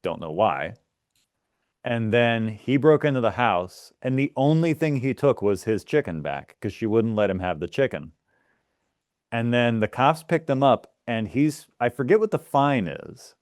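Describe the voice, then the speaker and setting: A man's voice: mid-range voice, big pitch swings, moderate pace, a little mellow, no echo, studio quality. A man co-hosting a casual podcast, ranting with mock outrage. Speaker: podcast co-host. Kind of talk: casual chat.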